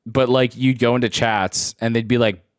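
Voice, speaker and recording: A man's voice: mid-range voice, steady tone, moderate pace, smooth, no echo, studio quality. A man in his twenties streaming live, chatting casually with viewers and telling rambling stories with frequent laughs. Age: 20s. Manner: rambling anecdotal storytelling, laughs often.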